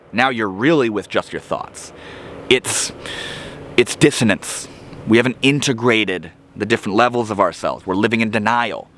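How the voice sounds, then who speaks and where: A man's voice: fairly low pitch, a bit bright, a little hiss or hum. A man giving a reflective motivational monologue to camera, earnest and searching, often restarting his phrases as he thinks. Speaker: self-help video creator.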